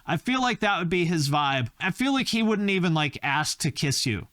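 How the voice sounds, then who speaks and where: Male host, slightly high voice, rambling comedic riffing, dry close mic. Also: sing-song, moderate pace, bright, forceful tone, no room sound. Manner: rambling, joking, with filler-heavy tangents. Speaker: YouTube host. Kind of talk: comedic casual commentary.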